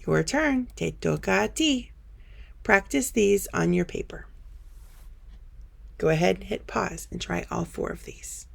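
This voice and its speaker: A woman teaching a Spanish grammar lesson over slides, patiently explaining step by step and telling students to pause and practice. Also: mid-range voice, creaky.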